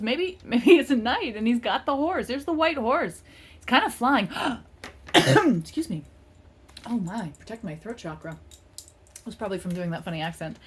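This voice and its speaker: A woman's voice: medium pitch, husky. A middle-aged woman from California giving a casual tarot reading, playful and rambling with frequent laughs. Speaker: tarot reader.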